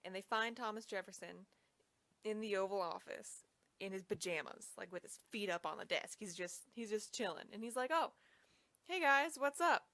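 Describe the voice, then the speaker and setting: A woman's voice: medium pitch, normal speed, fairly bright tone, no echo. Young woman, casual storyteller, chatty, filler words, dry sound. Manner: chatty, lots of "like". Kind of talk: casual comic history retelling.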